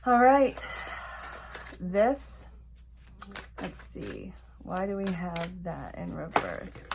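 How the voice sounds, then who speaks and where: A woman's voice: on the low side, sing-song, drawn-out words, creaky, very noisy. A woman reading tarot cards for her viewers as a life coach, chatty and encouraging, repeating her points with emphasis. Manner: chatty, talks to the viewer and to spirit while drawing cards. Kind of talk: casual tarot reading to camera.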